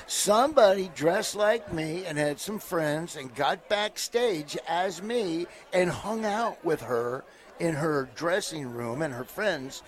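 A middle-aged man from southeast Nebraska, a comedian guest, telling stories in a casual interview and jumping up loud and high whenever he quotes someone. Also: slow pace. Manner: animated storyteller who jumps up loud and high when quoting people.

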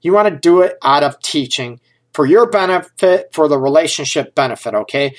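Expressive and fairly high in pitch, this man talks at a moderate pace as a relationship advice host. He's casual and direct, joking sometimes and often looping back with "okay?" or "you know."

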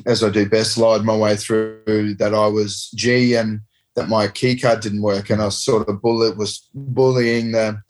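A man's voice: fairly low pitch, little pitch movement, unhurried. A man in his thirties, a rugby player, telling a rambling, laid-back story with casual swearing in an interview. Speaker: professional rugby player guest.

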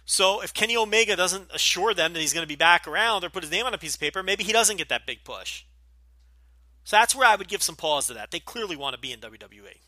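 A man's voice: high voice, lively intonation, fast, sharp tone, dry recording. A middle-aged man with a light New Jersey accent, hosting a casual Q&A podcast, talking bluntly with lots of profanity and fillers. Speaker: podcast host.

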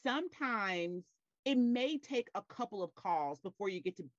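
A woman's voice: medium pitch, lively intonation, moderate pace, no echo. A woman trainer speaks in an emphatic, coaching way and stacks short repeated phrases for punch. Her voice sits in the middle range and comes through dull and dry, with no room sound. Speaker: real estate trainer. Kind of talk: casual conversational chat.

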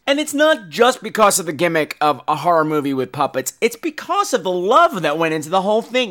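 A man's voice: high voice, fairly bright tone. A man hosting a podcast, talking in a sassy, campy, profane and theatrical way. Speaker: podcast host. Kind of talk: casual review podcast.

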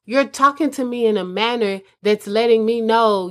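A woman's voice: a little high, moderate pace, few pauses. Earnest woman giving casual advice. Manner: earnest, conversational, addresses listeners as mamas. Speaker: host addressing mothers.

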